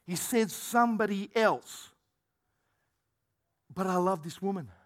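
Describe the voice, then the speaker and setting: A man preaching a sermon as pastor, animated, acting out quoted voices and swinging between shouted lines and low asides. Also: takes it slowly.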